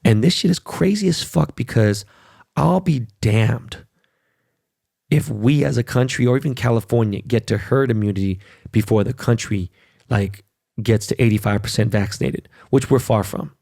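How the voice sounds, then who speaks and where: Middle-aged male podcast host with a gravelly voice; he rants in a casual, profane, emphatic way. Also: mid-range voice, normal speed, darkish tone, no echo, clean studio sound. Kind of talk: casual monologue.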